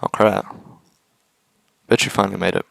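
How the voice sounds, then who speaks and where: A man's voice: low voice, little pitch movement, normal speed, gravelly, a bit bright, dry recording. A man casually commenting with jokey asides while reading a visual novel aloud. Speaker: gaming video host.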